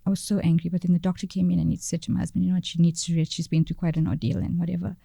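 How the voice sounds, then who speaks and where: A woman, a podcast guest telling a personal story in a halting way, searching for words and repeating phrases. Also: lowish voice, level tone, gravelly, dark tone, slightly rough, dry recording, studio quality.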